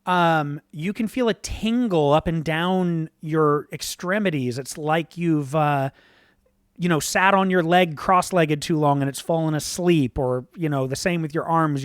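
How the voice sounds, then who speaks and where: A man narrating a tabletop game as game master, relaxed and rambling with fillers. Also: on the high side, no echo, clean studio sound.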